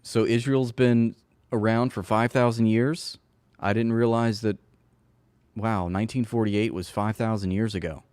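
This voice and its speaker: A man hosting his own commentary show, speaking in a sarcastic, mocking tone. His voice sits on the low side and sounds dry and close, with no room around it. He laughs now and then at his own jokes. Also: steady tone, unhurried, a little mellow, clear, resonant tone, no echo. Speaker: political commentary host. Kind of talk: casual commentary.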